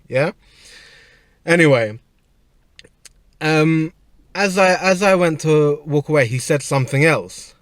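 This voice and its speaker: A man, a personal trainer, telling a casual story in a rambling, animated way with frequent restarts. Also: fairly high pitch, normal speed, pauses often, no echo, studio quality.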